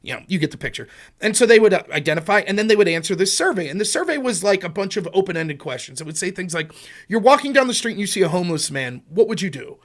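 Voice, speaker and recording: A middle-aged man hosting a political talk show, telling stories and acting out quotes with sudden jumps in pitch and volume. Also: big pitch swings, fast talker. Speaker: podcast host. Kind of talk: political commentary, storytelling.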